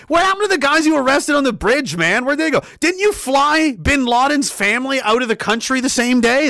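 A man's voice: very high-pitched, sharp tone, dry recording, clean studio sound. A young man ranting sarcastically and profanely, reading out chat messages as a streamer, often laughing. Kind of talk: ranting commentary.

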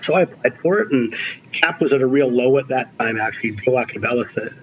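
A man in his sixties, a veteran basketball coach, telling stories in an animated, emphatic way during a casual interview. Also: mid-range voice, fast, dull audio, a little hiss or hum. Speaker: basketball coach, podcast guest.

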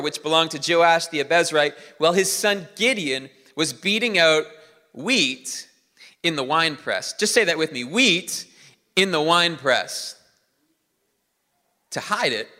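A man preaching a sermon as pastor, animated and drawing the congregation in. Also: on the high side, long reverb tail.

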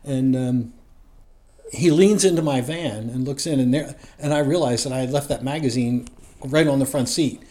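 A man from New Jersey sits as a guest and tells his own story at an easy, meandering pace. His voice sits at an ordinary middle pitch. He talks in a loose, conversational way and often chuckles as he goes. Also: normal speed. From New Jersey, USA. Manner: relaxed and rambling, with frequent chuckles.

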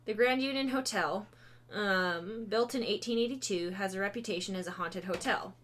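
At a moderate pace, a podcast host of ordinary pitch casually reads ghost lore aloud, tripping over words and fixing them as she goes. Ums pepper her reading, and she regularly stops to laugh and joke.

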